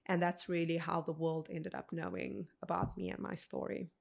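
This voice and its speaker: A woman in her thirties, a podcast guest telling a personal story in an earnest, unhurried way. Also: on the low side, little pitch movement, vocal fry. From South Africa. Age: 30s.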